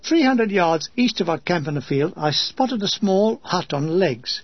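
A man's voice: high voice, very animated, unhurried, slightly rough, no echo, highs cut off. A man reading a memoir in a dry comic storytelling manner. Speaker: narrator. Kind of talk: scripted memoir narration.

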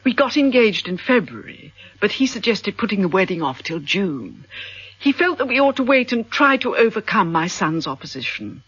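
A gushing, self-pitying rich widow. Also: female voice, medium pitch, big pitch swings, moderate pace, a bit bright, husky, no echo, full character voice. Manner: effusive, melodramatic, sighing. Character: gushing wealthy middle-aged widow, self-pitying and sentimental. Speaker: character in a radio drama. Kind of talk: radio drama acting. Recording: dull lo-fi radio broadcast.

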